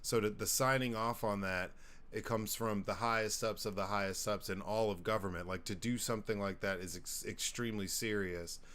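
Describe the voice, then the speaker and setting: A man's voice: on the low side, fairly even intonation, moderate pace, a bit bright. Rambling, profane podcast co-host man. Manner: rambling, profane, insists on finishing his point. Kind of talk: casual podcast chat.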